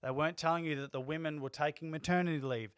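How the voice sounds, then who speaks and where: A man's voice: a little high, steady tone, quick pace, clean tone, no echo. A man co-hosting a casual livestream chat, arguing his points emphatically. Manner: emphatic, argumentative. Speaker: livestream co-host.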